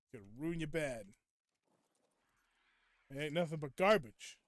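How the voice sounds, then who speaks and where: A man's voice: fairly high pitch, unhurried, dry recording. A young man streaming a game and chatting casually with viewers, ranting at them in playful mock indignation. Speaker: gaming streamer. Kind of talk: casual live gameplay chat.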